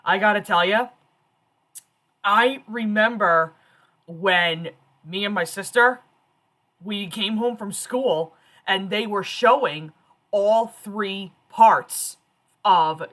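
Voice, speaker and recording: Chatty woman host telling stories. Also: mid-range voice. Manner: animated, chatty storyteller. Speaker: streamer host. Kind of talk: casual stream chat.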